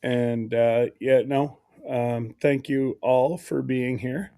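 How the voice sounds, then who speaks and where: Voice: mid-range voice, steady tone, slow, warm tone. A livestream host chatting casually, rambling and laughing often while greeting viewers by name.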